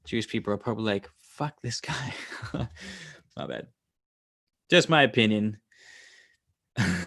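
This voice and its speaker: A man's voice: medium pitch, gravelly. Profane, rambling man on a livestream. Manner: profane and irreverent, musing aloud. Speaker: livestream host. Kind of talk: casual livestream commentary reading scripture aloud.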